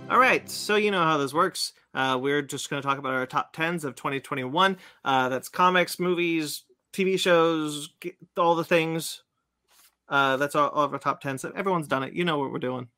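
Gravelly, bright-voiced podcast host. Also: male voice, on the high side, normal speed. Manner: relaxed, leads the segments. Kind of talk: casual chat.

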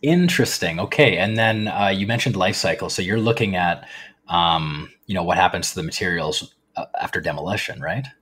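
A man's voice: sits low, brisk, a bit bright, slightly rough. A man co-hosting a podcast, asking curious, rambling questions in a casual way. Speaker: podcast co-host.

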